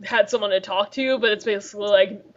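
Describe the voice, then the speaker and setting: A woman's voice: mid-range voice, quick pace. Chatty woman hosting a lo-fi podcast. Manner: chatty, laughs often. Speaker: podcast host. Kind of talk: casual chat. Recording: dull lo-fi recording.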